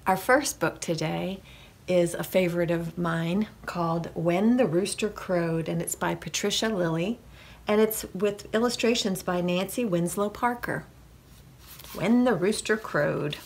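A woman leading a children's library storytime, reading a picture book aloud in an animated, sing-song voice. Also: medium pitch, measured pace, gravelly, a little hiss or hum.

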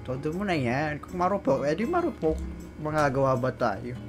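A woman's voice: low-pitched, very animated, brisk, music in the background. A young Filipino woman with a Filipino accent, reacting to a drama and mixing Tagalog with English. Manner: mixes Tagalog and English, laughs and squeals often. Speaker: reaction vlogger.

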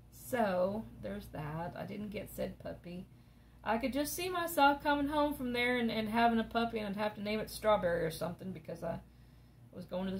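Lady rambling away while she crafts, kinda gravelly, mid pitch voice. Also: slight background noise. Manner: rambling, chatty storytelling. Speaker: crafting vlogger. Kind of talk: casual chat while crafting.

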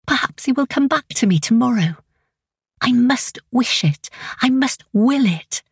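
A woman reading a first-person novel as an audiobook narrator, in an intimate, anxious and measured way. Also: fairly high pitch, expressive, breathy edge, dry recording, studio quality.

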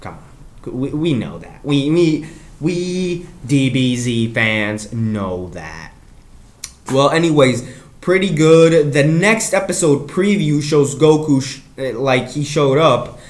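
Excitable man reviewing anime, echoey room. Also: medium pitch, takes it slowly. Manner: excitable, rambling, laughs often, mimics characters. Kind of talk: casual video review.

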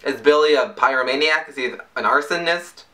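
A man reviewing song lyrics in a casual, jokey way, breaking into high yelps. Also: fairly quick, sharp tone. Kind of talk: casual comedic commentary.

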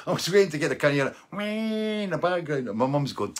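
A middle-aged man hosting a live-streamed show, telling a rambling, animated anecdote with frequent laughs and asides. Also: medium pitch, moderate pace, breathy edge. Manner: rambling and animated, laughing often and tagging lines with "right?". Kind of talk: casual anecdotal storytelling.

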